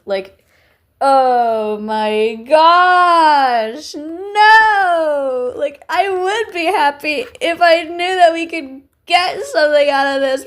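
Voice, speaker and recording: A woman's voice: mid-range voice, darkish tone. Woman, fan commentary, theatrical mock despair, rambling, lots of fillers. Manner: dramatic, gushing, mock-despairing. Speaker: book reviewer.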